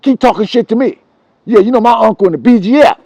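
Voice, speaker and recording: A man's voice: very high voice, expressive, fast, darkish tone, no room sound, voice pushed up, full character voice. A man quoting a boastful young boy who threatens others with his gang uncle. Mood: threatening.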